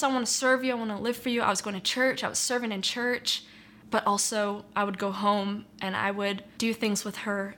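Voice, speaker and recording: A woman's voice: medium pitch, bright, forceful tone, a little hiss or hum. A young woman telling her personal faith testimony in an earnest, reflective, conversational way, with frequent "like" and "you know". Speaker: interviewee sharing testimony.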